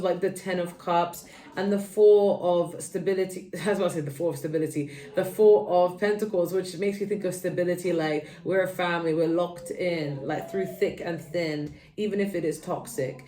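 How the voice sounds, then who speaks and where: A woman's voice: on the low side, steady tone, normal speed, dark tone. Earnest woman tarot reader in an echoey room. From United Kingdom. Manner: rambling, earnest, many fillers and restarts. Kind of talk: tarot card reading to viewers. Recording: echoey room, voice a little far from the mic.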